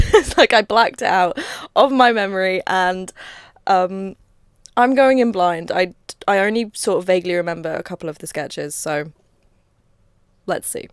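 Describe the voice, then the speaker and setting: A woman's voice: medium pitch, unhurried, long pauses, clean tone, no echo, studio quality. Chatty woman laughing at her old sketch. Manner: chatty and self-mocking, laughs often. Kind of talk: casual reaction commentary.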